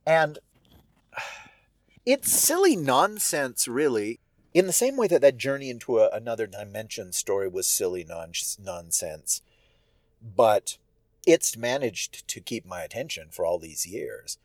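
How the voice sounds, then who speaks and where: A man who writes and performs audio stories, talking about his work in a casual, reflective monologue. He muses aloud and sounds animated and amused with himself. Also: lowish voice, moderate pace, no echo. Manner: musing, animated, self-amused.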